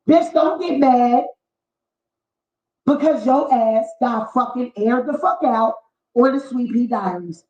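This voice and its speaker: High-pitched woman in a profane rant. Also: slow pace, warm tone. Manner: profane, heated, mocking rant. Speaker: vlogger. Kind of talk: ranting commentary vlog. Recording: echoey, dull lo-fi room sound.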